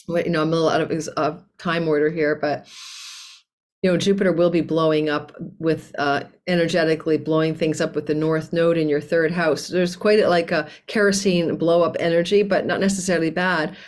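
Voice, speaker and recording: Woman host, lowish voice, chatty and candid, casual astrology forecast recorded at home on a desk mic. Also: brisk. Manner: chatty, expressive, candid, laughs often. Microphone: desk mic under a tablecloth.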